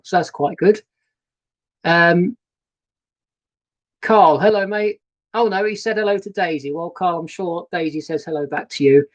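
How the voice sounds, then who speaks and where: A narrowboat vlogger hosts a live stream from his boat's cabin, his fairly high male voice picked up by a laptop webcam and a new microphone in low-quality audio. He's easygoing and rambling, chatting casually and greeting viewers by name.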